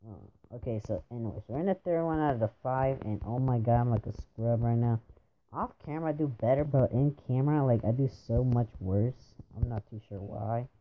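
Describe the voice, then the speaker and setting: A man's voice: medium pitch, fairly quick. Frustrated young man gaming, lo-fi mic. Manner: frustrated, keeps exclaiming and groaning at the game. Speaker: gamer. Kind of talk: gaming commentary. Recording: dull lo-fi home mic with faint hiss.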